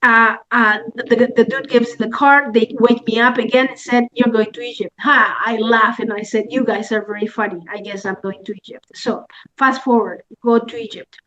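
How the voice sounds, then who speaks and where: An older woman telling a personal story on a video call, lively and candid, acting out the dialogue and swearing freely. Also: a little high, moderate pace, lo-fi sound. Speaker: guest speaker sharing a personal story.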